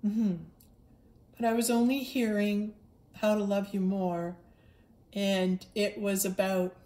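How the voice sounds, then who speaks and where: A woman's voice: medium pitch, steady tone, measured pace, mellow, reverberant. A woman giving an earnest spiritual monologue, repeating herself and stumbling over restarts as she speaks. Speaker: spiritual livestreamer.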